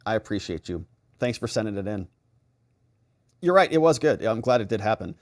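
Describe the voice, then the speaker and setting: A man's voice: fairly low pitch, expressive, brisk, dry recording, studio quality. A man hosting a live stream, chatting casually and reading viewer comments aloud with sarcastic asides.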